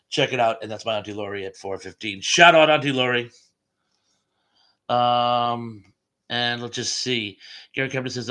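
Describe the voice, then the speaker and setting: A man's voice: medium pitch, fairly bright tone. A man hosting a live chat stream, reading viewer comments aloud in a chatty, rambling way with lots of ums and uhs.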